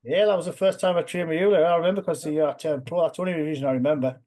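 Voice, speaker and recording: A man's voice: fairly high pitch, steady tone, very fast, warm tone. A British man hosting a casual chat, telling loose, sweary anecdotes. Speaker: podcast host.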